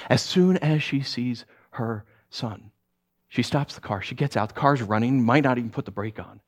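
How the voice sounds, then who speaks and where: A man preaching by telling a story, speaking softly and haltingly with frequent restarts. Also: medium pitch. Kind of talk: sermon storytelling.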